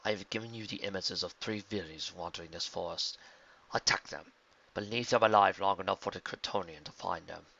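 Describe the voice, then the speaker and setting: A man reading a fan story voices a scheming male unicorn villain, speaking slowly and coldly in a low mutter. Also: vocal fry, bright, forceful tone, lo-fi sound, exaggerated voice. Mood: commanding. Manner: slow, cold, muttering.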